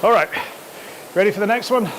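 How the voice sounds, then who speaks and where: Speaking briskly in a high voice, a man runs a live rowing workout, chatting and panting between sprints. The sound comes from a throat-worn microphone in his home studio, with background noise.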